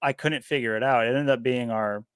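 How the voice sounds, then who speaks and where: A man co-hosting a podcast in casual chat, talking in a rambling, animated way. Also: mid-range voice, fairly quick, clear, resonant tone, dry recording, clean studio sound. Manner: rambling, animated, laughs often. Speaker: podcast co-host.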